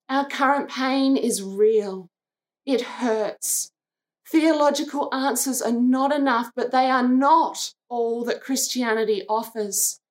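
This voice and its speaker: A woman delivers a devotional sermon in a gentle, earnest way. Her voice sits a little high, and she takes her time, letting each short phrase land before going on. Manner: slow, gentle and earnest, briefly acting out the sisters' lines. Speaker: preacher.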